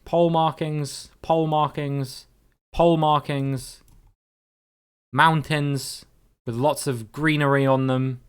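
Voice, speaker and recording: Chatty man with a smooth voice. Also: fairly high pitch, level tone, slow. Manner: chatty and playful, greets viewers, swears casually. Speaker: streamer playing a geography guessing game with chat. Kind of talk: casual live-stream commentary.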